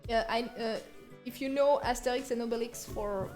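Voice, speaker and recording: Bubbly French woman, high voice. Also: moderate pace, darkish tone, soft background music. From France. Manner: bubbly, laughs often, slips into squeaky bursts. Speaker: art streamer. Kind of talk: casual live-stream chat.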